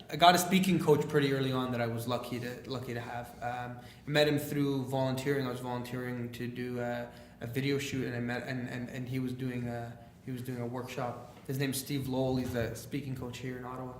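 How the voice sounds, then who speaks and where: A young Canadian leadership speaker tells stories in a casual podcast interview, animated and full of fillers, acting out the dialogue he quotes. His voice is mid-range and brisk, recorded in a reverberant space with a little hiss or hum.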